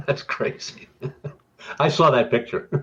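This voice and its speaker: Slow, lively-voiced male guest on a dull line. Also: on the high side. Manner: laughs easily, brief replies. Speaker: regular guest. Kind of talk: casual chat.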